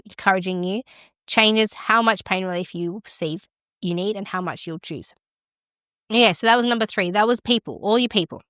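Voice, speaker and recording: A woman's voice: mid-range voice, fairly bright tone, no echo, studio quality. A middle-aged woman hosting a midwifery podcast, giving frank, encouraging advice in a conversational way. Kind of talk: casual advice talk.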